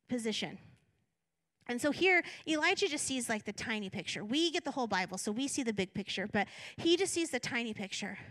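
A woman's voice: a little high, fairly bright tone, no echo. A woman pastor giving a conversational sermon, reading scripture and acting out her own thoughts with self-deprecating asides.

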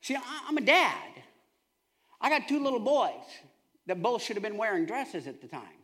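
A man preaching a sermon, telling a humorous family story in a lively, conversational way. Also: high-pitched, moderate pace. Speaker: pastor.

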